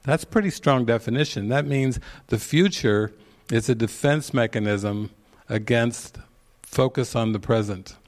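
A man's voice: mid-range voice, unhurried. A man speaking as a spiritual teacher at a retreat, telling stories, asking pointed questions and chuckling at his own points. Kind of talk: retreat talk.

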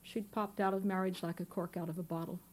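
A woman author reading her own fiction aloud into a microphone at a bookstore event, in a measured, unhurried way. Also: fairly low pitch, level tone, slight background noise. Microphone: microphone on a stand.

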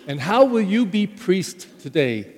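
Conversational priest preaching in echoing church. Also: male voice, sits high, big pitch swings, unhurried. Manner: conversational preaching with stressed words and sudden loud rises. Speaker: pastor. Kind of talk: sermon. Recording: live church hall with long reverb.

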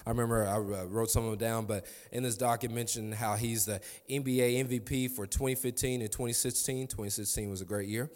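Male pastor, 30s, mid pitch, emphatic storytelling sermon, long hall reverb. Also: steady tone, brisk, few pauses, a little mellow. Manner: preaching with emphatic repetition and storytelling.

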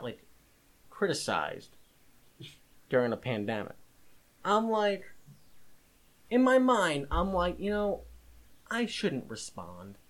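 Podcast co-host, male, slightly high voice, exasperated storyteller. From Italian-American. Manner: animated storyteller, exasperated ranting. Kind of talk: casual chat.

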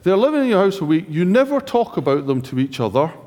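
A British man preaches a sermon in a chatty, joking style, often putting questions to the congregation. His voice is high and dark-toned, with big pitch swings and a quick pace. The recording carries the reverb of a church hall.

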